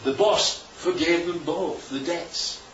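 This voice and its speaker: A man's voice: a little high, slow, fairly bright tone, a little hiss or hum. A man preaching a sermon in a chatty way, often asking the room questions. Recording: echoey hall from far off, dull.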